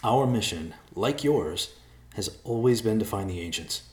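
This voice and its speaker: A man's voice: on the low side, animated, unhurried, reverberant, voice pushed up. A man voicing a nervous adult man in a storybook reading, pleading earnestly and stammering.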